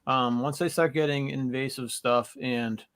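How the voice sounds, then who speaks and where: A man co-hosting a casual live chat, jokey and quick to riff on silly ideas. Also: medium pitch, fairly even intonation, a bit bright, clear, resonant tone. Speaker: co-host.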